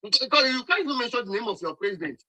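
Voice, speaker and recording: A man's voice: very high voice, big pitch swings, fast talker, bright, forceful tone, rough recording. A Nigerian man from Nsukka arguing hotly in an online audio room, insistent and scolding, often repeating himself. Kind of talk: heated political argument.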